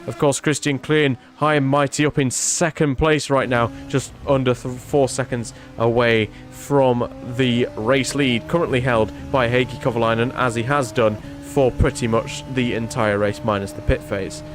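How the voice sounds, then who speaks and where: A man's voice: mid-range voice, normal speed, hardly any pauses, music in the background. Chatty male sim-racing commentator. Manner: chatty, rises excitedly at incidents, asides to chat. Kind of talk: casual livestream race commentary.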